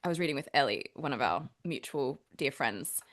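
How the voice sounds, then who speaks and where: A woman's voice: rumbling low, a little fast. A woman with an Australian accent, co-hosting a podcast in casual chat, chatty and prone to tangents. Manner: chatty, animated, wanders off on tangents. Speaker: podcast co-host.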